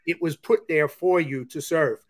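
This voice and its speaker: A male podcast host muses aloud in a relaxed, encouraging way. His voice sits a bit higher than most men's. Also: measured pace. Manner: reflective, encouraging. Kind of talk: casual interview chat.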